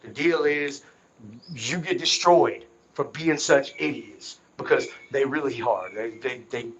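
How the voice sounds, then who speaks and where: A man's voice: mid-range voice, measured pace, highs cut off, a crowd in the background. A man talking in an unscripted monologue, emphatic and insistent, often repeating himself to drive a point home. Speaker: vlogger.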